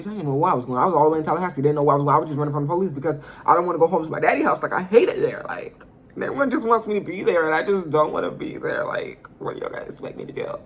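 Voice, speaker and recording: A young man telling a personal story in a casual vlog, animated and profane, talking straight to his viewers. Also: on the high side, slight background noise. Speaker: storyteller vlogger.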